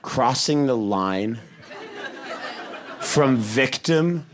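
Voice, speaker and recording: A man doing a stand-up comedy set, animated and building to exasperated shouting. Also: medium pitch, very slow, crowd noise, background noise.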